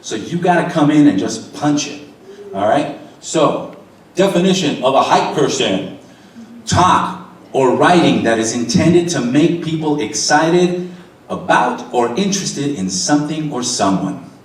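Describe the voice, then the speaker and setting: Middle-aged guy dj teaching a seminar, lively, kinda high voice, echoey room, sounds far from the mic. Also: measured pace. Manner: lively, demonstrating voices to the audience. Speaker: radio DJ giving microphone tips. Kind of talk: seminar talk.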